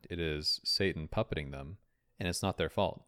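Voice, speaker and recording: A man's voice: very deep voice, moderate pace, a bit bright, clear, resonant tone, no room sound, clean studio sound. A man hosting a casual podcast chat, teasing his guest and laughing often. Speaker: podcast host.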